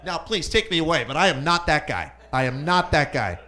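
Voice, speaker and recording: A man's voice: fairly high pitch, lively intonation, fairly quick, noisy background, close to an everyday voice. A man playing a defiant criminal pleading before a judge, blustering and indignant.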